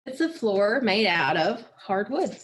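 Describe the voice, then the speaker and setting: A woman's voice: mid-range voice, very animated. A woman teaching a phonics lesson, patiently asking questions and answering them herself. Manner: slow, patient, asks and answers own questions.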